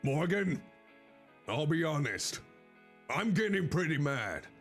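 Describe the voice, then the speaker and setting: A man's voice: a little high, big pitch swings, slow, faint music behind, heavily acted. A man voicing a frustrated, loyal store employee who complains in rising tones. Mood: exasperated.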